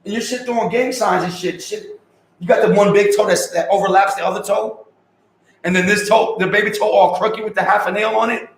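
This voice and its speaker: A man's voice: high voice, fairly even intonation, brisk, reverberant, rough recording. A man in his thirties chatting casually on a livestream, reading viewer comments and joking in loose, profane street slang. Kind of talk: casual live-stream chat.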